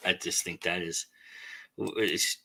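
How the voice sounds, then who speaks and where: Low voiced guy host, stumbly questions, really bright edgy tone. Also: fairly even intonation, gravelly, breathy edge. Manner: halting, restarts questions. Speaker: podcast host. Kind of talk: casual interview chat.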